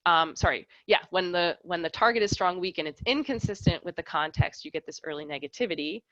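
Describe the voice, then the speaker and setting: Lady researcher walking through examples in a lab talk, kinda low voice, dull dry audio. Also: brisk, a bit bright, no room sound. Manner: explanatory, walks through examples step by step. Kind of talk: academic lecture.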